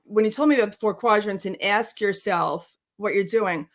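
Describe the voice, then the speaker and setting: A woman's voice: mid-range voice, normal speed. A woman hosting an interview, speaking expressively and emphatically, often laughing as she talks. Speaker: host. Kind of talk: casual interview talk.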